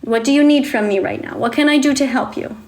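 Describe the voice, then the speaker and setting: A woman's voice: high-pitched, fast, darkish tone. A woman on a livestream, reading to viewers and talking to them in a coddling, sing-song way, like a teacher with small children.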